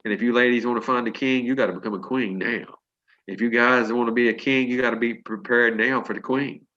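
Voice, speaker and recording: A man's voice: mid-range voice, fairly even intonation, fairly quick, pushed and bright, highs cut off. A man in his sixties giving an emphatic, preachy motivational pep talk to a sales team over a video call, with folksy storytelling.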